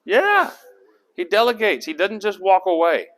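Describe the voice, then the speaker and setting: A man's voice: high voice, measured pace. A man leading a casual Bible study, talking through the passage and asking his group questions. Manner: animated, acts out characters' lines; conversational, asks the group questions.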